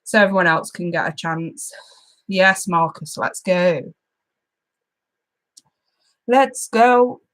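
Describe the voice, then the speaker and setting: A woman's voice: on the low side, fairly even intonation, measured pace, fairly bright tone. A woman hosting a live tarot stream, chatting casually and giggling as she greets viewers by name.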